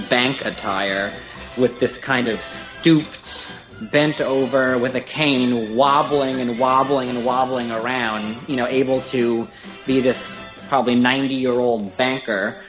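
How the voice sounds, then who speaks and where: A man's voice: mid-range voice, steady tone, unhurried, music in the background, low-quality recording. A man co-hosting a casual podcast, talking about film performances in an enthusiastic, rambling way with many fillers. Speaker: podcast co-host.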